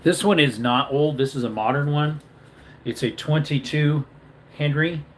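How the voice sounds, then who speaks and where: A tired man hosts a casual livestream and talks loosely to his viewers. He rambles, stops, and corrects himself as he goes, with a yawning, low-energy manner. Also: a little slow, slight background noise. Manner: rambling, self-correcting, relaxed. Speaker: livestream host.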